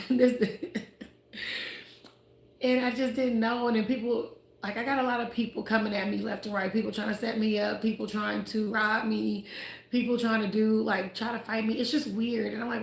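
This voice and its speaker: A chatty, expressive woman who grew up in Ohio and Houston, talking casually about faith on a livestream and laughing often. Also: on the high side, moderate pace. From United States (Ohio, raised in Houston). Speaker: livestream host. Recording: roomy echo.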